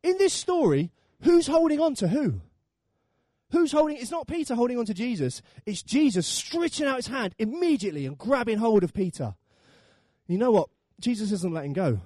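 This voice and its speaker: A man's voice: very high-pitched, sing-song, normal speed, warm tone, dry recording, clean studio sound. A man preaching a sermon, telling the story with animation and acting out the voices.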